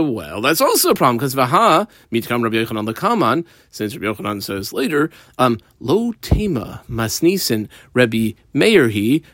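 Lively casual Talmud teacher, dry sound. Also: male voice, mid-range voice, dry recording. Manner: explains text line by line, mixing Aramaic terms, casual asides. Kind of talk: daf study lesson.

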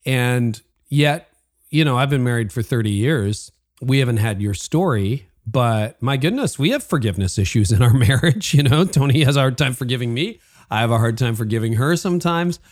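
A man hosts a leadership podcast with lively enthusiasm, affirming his guest and jumping into quick asides. His voice sits at a typical mid pitch for a man, and he sounds clear and conversational. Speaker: podcast host.

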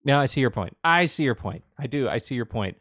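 A man's voice: mid-range voice, lively intonation, brisk, a bit bright, dry recording, clean studio sound. A man co-hosting a podcast, chatting casually about a film and teasingly prodding his co-host. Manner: playful, teasing, prompts the other host.

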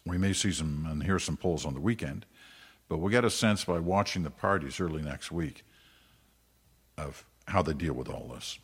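Deep husky older man podcasting. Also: moderate pace, long reverb tail. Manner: conversational, digressive, self-deprecating. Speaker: podcast host. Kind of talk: casual solo podcast commentary.

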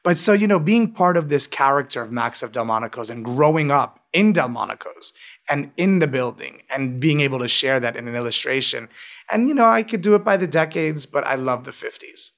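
A man's voice: mid-range voice, lively intonation, fairly quick, fairly bright tone. A man, a restaurant owner and author, telling emotional stories in an interview, often asking "right?". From United States. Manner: emotional, storytelling, frequent "right?".

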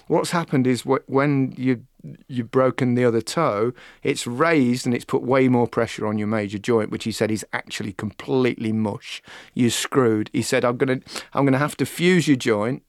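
A man's voice: mid-range voice, clear, resonant tone, no echo, studio quality. A former footballer, a man co-hosting a podcast, telling a rambling, self-mocking anecdote and acting out the voices of the people in it. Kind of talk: casual storytelling chat.

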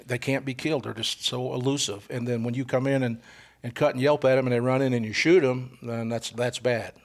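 Fast-talking gravelly hunter. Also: male voice, mid-range voice. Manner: animated storyteller, acts out voices in quotes. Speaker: guest co-host, veteran turkey hunter. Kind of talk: casual storytelling chat.

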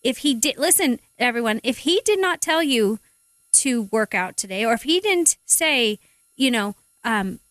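Animated woman sharing faith on radio. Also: a little slow, no echo. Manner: animated, acts out quotes with big pitch swings. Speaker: guest speaker; parent. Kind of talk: faith-based radio talk.

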